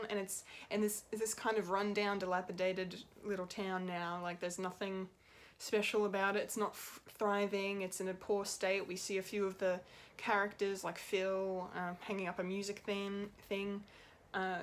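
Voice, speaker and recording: A woman's voice: mid-range voice, flat delivery, measured pace, few pauses. A woman giving an unscripted, rambling and emotional review of a TV episode, laughing often and swearing now and then. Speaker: pop culture reviewer.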